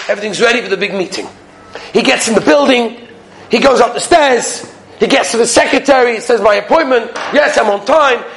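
A man giving a weekly Torah lecture, an animated storyteller who acts out the dialogue and swings between loud exclamations and soft asides. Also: high-pitched, vocal fry, slight background noise, low-quality recording. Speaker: Torah teacher.

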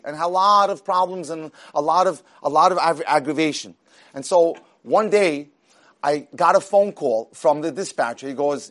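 A man retelling an inspirational story in a conversational way, acting out the characters' lines and often restarting his sentences. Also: a little high. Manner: animated, acts out the characters' dialogue; conversational, with frequent restarts and repeated words.

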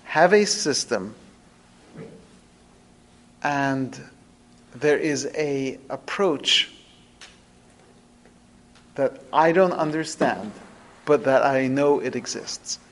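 A man teaching a religious lesson through storytelling, with expressive, dramatic shifts in pitch and loudness. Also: very slow, long pauses. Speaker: rabbi teaching a podcast lesson.

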